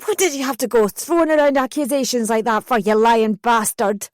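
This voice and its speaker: A woman narrator puts on a harsh mother who screeches and spits her words, loud and pitched up. The voice stays dry and close, read for an audiobook. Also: fairly quick, no echo, close to an everyday voice. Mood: furious. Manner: shouting, spitting scorn. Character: angry middle-aged mother, harsh and defensive.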